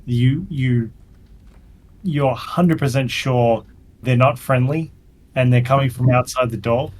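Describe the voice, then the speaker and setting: A man narrating as game master of a tabletop game, unhurried and pausing with fillers as he describes the scene. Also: medium pitch, a little mellow, rough recording.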